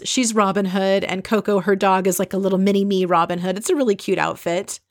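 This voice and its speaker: A chatty woman recaps a reality show in an easy, conversational way. She is opinionated and often slips into little impressions of the people she is describing. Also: medium pitch. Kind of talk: casual recap chat.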